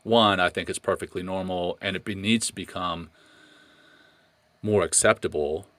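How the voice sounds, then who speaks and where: Deep-voiced earnest man on a podcast. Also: fairly even intonation, fairly bright tone. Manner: earnest, passionate, halting with repeated restarts. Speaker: podcast co-host. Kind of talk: casual podcast discussion.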